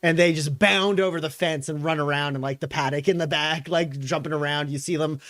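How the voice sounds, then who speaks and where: A man's voice: on the high side, steady tone, brisk, a bit bright, no echo, studio quality. A man narrating as game master of a tabletop game, rambling with many fillers.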